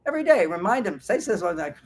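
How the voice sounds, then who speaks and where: A man giving a seminar talk to a live audience as a workshop speaker, animated and acting out example dialogues. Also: sits high, racing.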